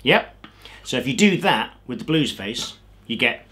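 Slow, playful man. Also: medium pitch, animated. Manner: playful, coaxing, talks straight to children. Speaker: children's music entertainer. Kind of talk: singalong lesson for kids at home. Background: loud guitar music.

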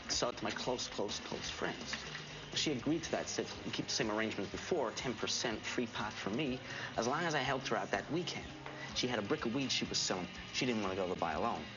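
A man's voice: medium pitch, very animated, fast talker, lightly acted. A man playing a profane young storyteller. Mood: tense. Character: edgy young man spinning a drug-deal tale. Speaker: actor. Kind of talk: film dialogue. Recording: dull film audio with music underneath.

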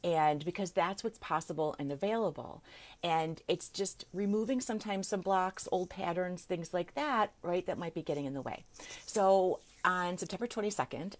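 A middle-aged woman coach chatting casually on a live video, laughing often and checking in with "right?". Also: on the low side. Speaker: manifestation coach.

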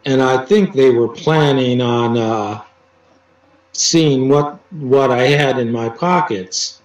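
A man tells his stories slowly, stopping often and restarting, with dry teasing. His voice sits back from the mic in a roomy space. The sound is a little dull, with faint music under it. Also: medium pitch, distant mic. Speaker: interview guest, poet. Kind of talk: casual storytelling interview.

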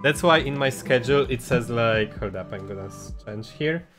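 A man streaming a game, chatting casually and excitably, reading chat and game text aloud. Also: mid-range voice, normal speed. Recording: game music playing under the voice.

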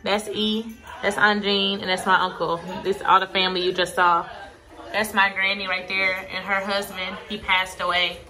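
A woman's voice: mid-range voice, little pitch movement, moderate pace, pushed and bright, faint music behind, rough recording. A young woman, chatting playfully and laughing as she films a family vlog at home. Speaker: vlogger. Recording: family crowd chatting nearby.

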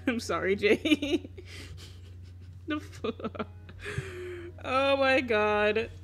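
A woman's voice: a little high, drawn-out words, fairly bright tone. A young woman chatting casually on a live stream while she draws, laughing often, swearing freely and teasing her viewers.

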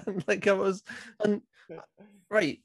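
A man's voice: sits high, little pitch movement, takes it slowly, no echo, clean studio sound. A young man co-hosting a podcast, talking in an awkward, giggly, rambling way in casual chat. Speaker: co-host. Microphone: desk mic that crackles.

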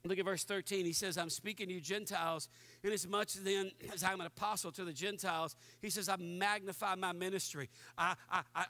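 A man preaching a lively sermon to his congregation and acting out the voices he quotes. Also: high voice, no room sound. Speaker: pastor.

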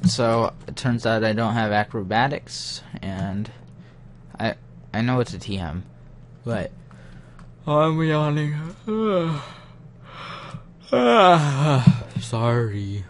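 A man's voice: fairly low pitch, fairly even intonation, takes it slowly, slight background noise. A young man muttering to himself as he comments casually on his game, getting easily frustrated. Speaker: gaming channel host.

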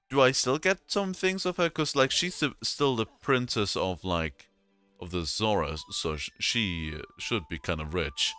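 A man narrates his own gameplay in a loose, joking ramble, cursing freely at the game. His voice is bright and crisp, and he takes his time, drawing out his words. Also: on the low side, animated, a little slow, no echo, soft background music. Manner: swears and exclaims at the game. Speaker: let's play gamer. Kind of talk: casual gameplay commentary.

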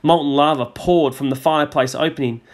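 Man teacher reading a storybook aloud. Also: on the high side. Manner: measured, expressive.

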